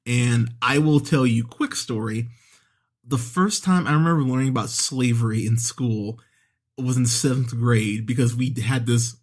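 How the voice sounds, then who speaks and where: A man hosting a movie podcast, reviewing an episode in a casual, chatty way with frequent laughs and fillers. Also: medium pitch. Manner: chatty, laughs often, many fillers and restarts.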